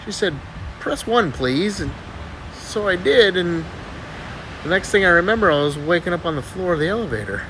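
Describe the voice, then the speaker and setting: A man voicing a cheeky, brash young joker in his own jokes, told with lively animation. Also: high voice, normal speed, a little hiss or hum, voice pushed up, poor audio. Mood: sheepish.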